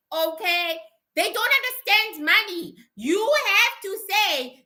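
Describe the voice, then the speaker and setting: A woman's voice: very high voice, lively intonation, measured pace, pushed and bright. A middle-aged woman, chatting casually as a spiritual teacher, blunt and profane and laughing often. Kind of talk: casual livestream chat.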